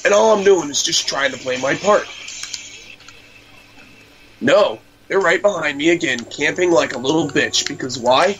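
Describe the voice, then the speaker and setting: A young man with a slightly high, fairly bright voice hosts a casual gaming podcast, talking at a moderate pace with frequent pauses. He swears, rants in frustration and trash-talks while playing. The low-quality recording has slight background noise and music behind his voice.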